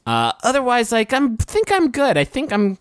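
A man co-hosting a comedic podcast, riffing in an animated, playful way. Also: very high-pitched, normal speed, clean tone, no echo, studio quality. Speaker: podcast co-host. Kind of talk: casual comedic chat.

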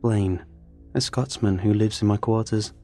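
A man tells a first-person story in a calm, scripted narration. His voice sits low and sounds warm and dark. Faint music plays quietly behind him. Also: measured pace.

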